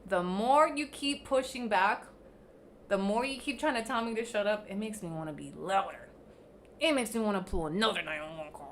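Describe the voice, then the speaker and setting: Speaking at a moderate pace in a mid-range voice, this young livestream host vents at commenters who criticize her. She's blunt and profane throughout, with a little background noise behind her.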